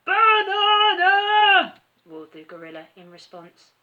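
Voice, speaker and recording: A woman teacher with an English accent reading a storybook aloud to children in an expressive way, pausing to point out the pictures. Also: mid-range voice, phone-quality sound. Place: school.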